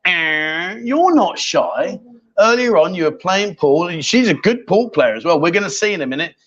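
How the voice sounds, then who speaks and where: A man's voice: high-pitched, expressive, moderate pace, a bit bright, highs cut off. A man hosting a live chat show from a bar, chatty and teasing, joking as he goes. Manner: jokey, chatty, teasing, repeats himself. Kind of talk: casual live-stream chat. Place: bar in Thailand.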